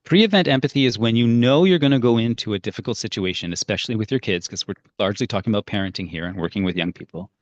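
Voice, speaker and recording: A man's voice: fairly low pitch, fast talker, hardly any pauses, no echo, muffled recording. A man teaching parents a strategy in an earnest, storytelling way. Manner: earnest, storytelling with acted-out quotes. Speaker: parenting coach.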